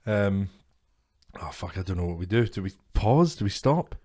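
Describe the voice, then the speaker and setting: Bloke hosting a podcast, swears a lot, jokes around, rambly casual chat. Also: male voice, deep voice, animated, moderate pace, mellow. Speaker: podcast host.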